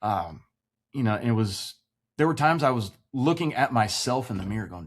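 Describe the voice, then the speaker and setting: Animated forty-something man telling his story. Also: mid-range voice, normal speed. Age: 40s. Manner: animated, swears freely, acts out quoted voices. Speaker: podcast guest, veteran. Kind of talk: casual storytelling chat.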